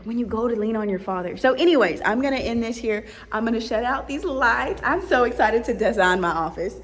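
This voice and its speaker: Young woman vlogger, high voice, fervent and preachy, echoey empty office. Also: expressive, fairly quick, few pauses. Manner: fervent and preachy, with quiet prayerful asides. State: out of breath. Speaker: vlogger and ministry leader. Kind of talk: casual inspirational vlog talk. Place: empty office room, indoors. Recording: long room reverb.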